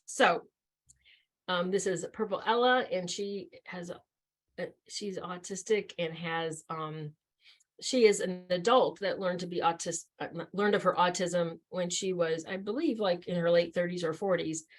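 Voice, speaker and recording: A woman's voice: lowish voice, a little slow. A woman giving a training session in a conversational way, with many fillers and restarts.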